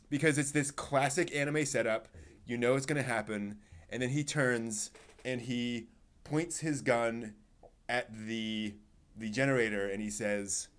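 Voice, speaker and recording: A man hosting a casual anime discussion podcast, retelling a scene with lots of fillers and acting out the characters' lines. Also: mid-range voice. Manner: animated storyteller, acts out quotes. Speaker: podcast host.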